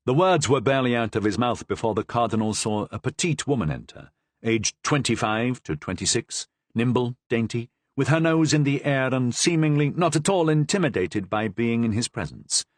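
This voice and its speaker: A man reading a historical novel aloud with expressive, measured narration. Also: mid-range voice, dry recording. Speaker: audiobook narrator. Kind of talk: scripted narration.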